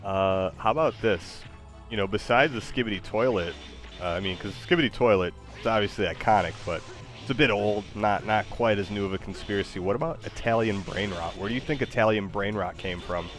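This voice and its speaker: A man's voice: lowish voice, fairly quick, soft background music. A man chatting casually with an AI assistant, hesitant and stumbling over his words. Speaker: user chatting with an AI. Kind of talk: casual chat.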